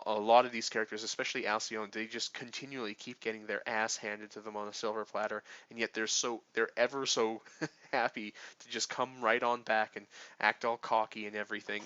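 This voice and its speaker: A man rambling through casual game commentary, swearing freely and tripping over fillers and restarts. His lowish voice has a bright, forceful edge. The recording is dry and dull, with a lo-fi tape quality. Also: no echo.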